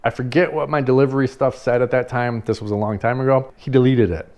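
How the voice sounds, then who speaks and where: Man, party rental owner, casual storytelling, animated, swears a lot, laughs as he talks. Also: mid-range voice, quick pace. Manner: animated, swears freely, laughs while telling.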